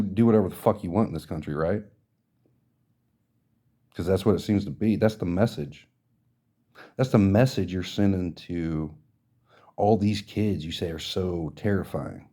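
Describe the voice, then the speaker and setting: A man on a podcast, ranting in an indignant, emphatic way and swearing freely. His voice sits fairly low, with a soft, mellow tone rather than a bright edge. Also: normal speed, pauses often. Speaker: podcast host. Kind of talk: ranting social commentary.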